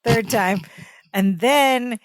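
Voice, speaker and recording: A woman's voice: on the high side, drawn-out words, dry recording, clean studio sound. A woman co-hosting a podcast, casually recapping a sitcom episode and mimicking the characters' lines and reactions. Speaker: podcast co-host.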